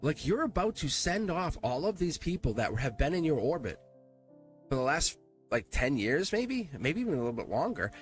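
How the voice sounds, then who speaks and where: A man's voice: on the high side, very animated, moderate pace, soft background music. Earnest man giving a tarot reading. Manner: earnest, emphatic, repeats himself for emphasis. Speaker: tarot reader. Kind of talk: live-streamed tarot reading.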